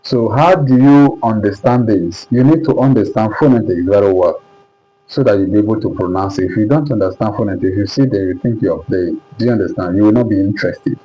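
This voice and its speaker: A man's voice: fairly low pitch, fairly quick, highs cut off. A man teaching English pronunciation at a board, speaking with a Nigerian English accent and repeatedly asking whether his students understand. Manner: repetitive, keeps checking understanding. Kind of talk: classroom lesson at a board.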